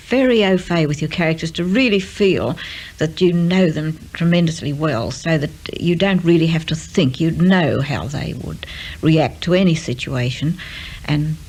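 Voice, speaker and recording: An older woman, a radio serial writer, talking in an unhurried way with frequent ums and uhs. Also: deep voice, darkish tone, rough recording. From Australia. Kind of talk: relaxed interview and dictation.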